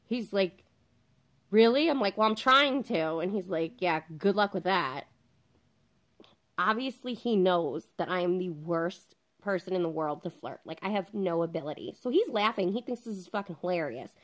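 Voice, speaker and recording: A woman's voice: fairly low pitch, animated, normal speed, fairly bright tone. A woman in her thirties casually telling a funny story at home, chatty, swearing freely and acting out what everyone said. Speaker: vlogger.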